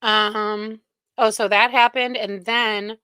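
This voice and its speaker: A woman's voice: mid-range voice, flat delivery, slow, bright, forceful tone, clean tone, dry recording. A woman hosting a live stream, chatting casually and with exasperation, laughing often, close to the microphone. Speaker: livestream reaction host.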